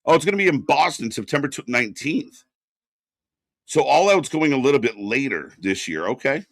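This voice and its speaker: A man co-hosting a live wrestling watch party, reacting and chatting casually, rambling with fillers and breaking into loud excited bursts. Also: mid-range voice, normal speed, vocal fry, no room sound, studio quality.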